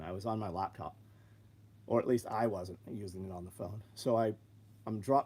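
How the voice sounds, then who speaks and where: A man's voice: mid-range voice, darkish tone. A man running his own business, telling blunt, profane stories on a live stream and acting out both sides of conversations. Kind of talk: blunt casual storytelling.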